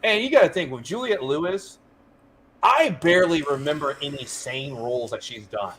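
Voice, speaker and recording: Emphatic, higher-voiced male podcaster. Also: expressive, moderate pace, fairly bright tone. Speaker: podcast co-host. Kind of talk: casual film review chat.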